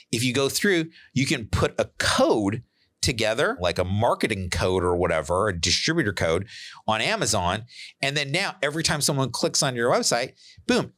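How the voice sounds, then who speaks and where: A middle-aged man hosting a podcast, telling a story in a casual, animated way and acting out the people he quotes. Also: mid-range voice. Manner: animated, retells scenes with quoted voices and sound words. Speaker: podcast host.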